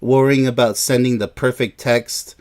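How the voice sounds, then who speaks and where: A man's voice: medium pitch, fairly even intonation, normal speed, a little mellow. A man giving a sarcastic, exasperated reaction commentary while reading an article aloud, with frequent incredulous exclamations. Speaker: relationship commentator.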